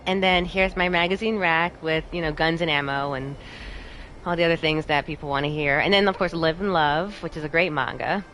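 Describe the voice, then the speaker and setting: Giggly, animated woman streamer. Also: low voice, brisk, a little hiss or hum. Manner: bubbly, giggly, animated, talks to chat. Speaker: streamer and host. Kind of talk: casual chat while playing a game live.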